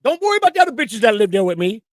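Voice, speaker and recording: A man's voice: very high voice, big pitch swings, rapid-fire, no echo, clean studio sound. A man voicing a brash young male football star who talks in swaggering, profane street slang.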